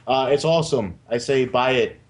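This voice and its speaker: A man's voice: medium pitch, moderate pace. A man co-hosting a casual comic news show, joking and swearing as he rambles. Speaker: podcast co-host.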